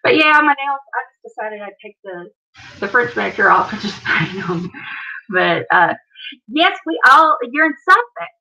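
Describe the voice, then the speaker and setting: A woman's voice: mid-range voice, sing-song, normal speed, sharp tone, muffled recording. A woman with an Appalachian American accent hosting a casual live stream, chatting and answering viewer comments.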